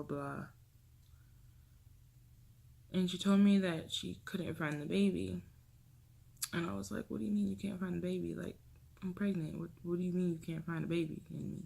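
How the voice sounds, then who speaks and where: A young woman speaks straight to her viewers in a personal vlog, her voice carrying a gravelly fry. She talks in an emotional, halting way, restarting sentences and dropping to a soft hush. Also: lowish voice. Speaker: vlogger. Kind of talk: personal storytelling to camera.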